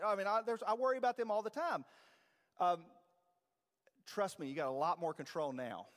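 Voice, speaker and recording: Male pastor, conversational and self-deprecating sermon delivery, slightly higher voice, church hall reverb. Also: moderate pace, pauses often, a bit bright. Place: church sanctuary.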